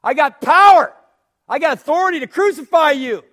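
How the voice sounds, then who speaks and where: A preacher voicing a boastful, arrogant Roman governor who taunts loudly in a raised voice. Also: male voice, extremely high pitch, lively intonation, fairly quick, voice pushed up.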